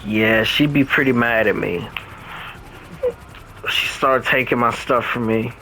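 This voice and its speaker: A man's voice: medium pitch, measured pace, a little hiss or hum, rough recording. A young man chatting casually while playing a video game, telling a story and acting out both sides of an argument. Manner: storytelling, animated quoting of others. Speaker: gamer.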